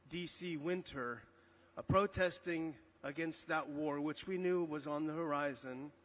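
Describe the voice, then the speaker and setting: Middle-aged man, slightly higher voice, rally speaker outdoors, emphatic delivery with fillers. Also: fairly bright tone. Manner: emphatic, repeats key figures, frequent uh fillers. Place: outdoor rally on a memorial ground.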